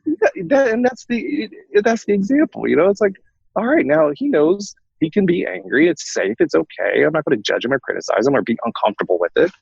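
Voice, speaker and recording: Fast-talking gravelly man, dull lo-fi sound. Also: fairly high pitch, no echo. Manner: fast, lively storyteller who acts out dialogue. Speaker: coaching client and guest. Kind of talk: personal storytelling in an interview.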